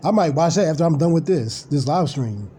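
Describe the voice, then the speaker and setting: A man's voice: fairly high pitch, animated, brisk, mellow, a little hiss or hum. A man ranting casually on a live stream, blunt, profane and rambling.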